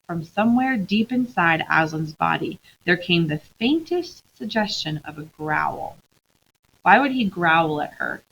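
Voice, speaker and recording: A woman teacher reading a novel aloud to her class, expressive, pausing to quiz the students. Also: deep voice, creaky, rough recording.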